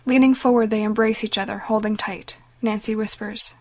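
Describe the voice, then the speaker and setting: A woman giving dramatic, measured scripted narration of a story. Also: mid-range voice, fairly even intonation, a little mellow. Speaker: audiobook narrator.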